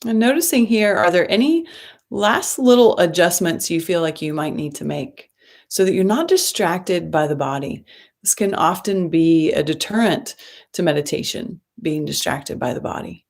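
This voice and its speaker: A middle-aged woman teaching a guided meditation in a slow, soft, soothing voice with long pauses. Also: fairly low pitch, lively intonation.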